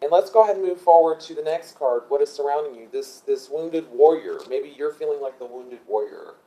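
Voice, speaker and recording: Halting man giving a tarot reading. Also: on the high side, lively intonation, mellow, rough recording. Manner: thinks aloud, halting with many ums; asks angels for guidance mid-reading. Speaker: tarot reader.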